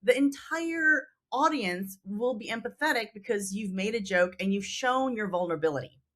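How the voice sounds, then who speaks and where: Bright-voiced lady host, animated, keeps acting out little quotes while she explains. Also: medium pitch, moderate pace. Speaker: podcast host, mediator. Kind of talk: conversational interview.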